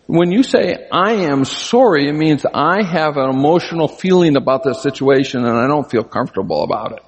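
An older man with a husky voice preaching an earnest, conversational sermon, his pitch leaping up for emphasis. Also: brisk, slight background noise. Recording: long hall reverb.

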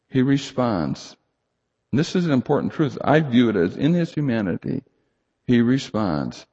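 A man preaching a sermon to a congregation, emphatic and animated, rising high for emphasis and dropping low and quiet. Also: a little slow, slightly rough. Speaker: pastor. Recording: lo-fi recording in a reverberant hall.

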